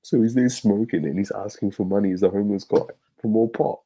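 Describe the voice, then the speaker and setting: An Australian man co-hosts a casual sports podcast, telling stories loosely with plenty of swearing and laughter. His lowish voice is fast, mellow, and slightly rough, heard in a rough recording.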